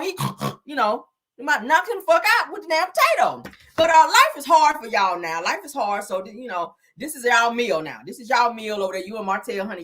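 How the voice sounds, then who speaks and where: Sassy, animated woman gossip host. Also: mid-range voice. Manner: sassy, animated, swearing, calls viewers honey and child. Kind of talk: casual gossip commentary.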